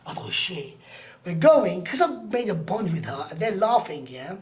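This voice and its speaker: A man's voice: high voice, moderate pace. A man, a podcast guest telling a personal story in a blunt, streetwise way, acting out the voices of the people in it. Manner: animated, acts out voices in anecdotes. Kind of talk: casual storytelling.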